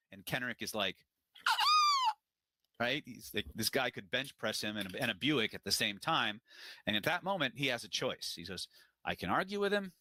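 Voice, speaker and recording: A man teaches a webinar, telling his points as animated stories and using frequent fillers. His voice sits low but swings widely in pitch and has a bright edge. The sound is dry and close. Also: dry recording. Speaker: webinar instructor. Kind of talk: conversational teaching with anecdotes.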